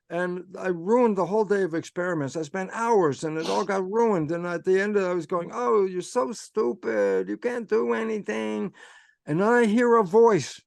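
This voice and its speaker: An older man, a guest speaker, telling a story in an animated way with repeated emphasis over a video call. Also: high voice, no room sound. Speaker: guest speaker answering questions. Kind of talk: storytelling talk.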